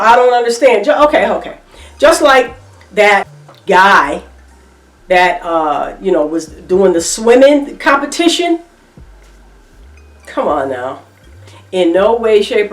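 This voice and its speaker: Speaking from far from the microphone in an echoey room, a middle-aged reaction vlogger offers forceful, repetitive opinions with features. Her voice has a fairly high pitch.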